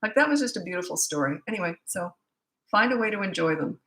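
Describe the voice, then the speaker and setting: A woman's voice: mid-range voice, animated, fast talker, fairly bright tone, echoey room. A middle-aged woman coaching parents in a rambling, chatty live Q&A with many asides. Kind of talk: casual live Q&A.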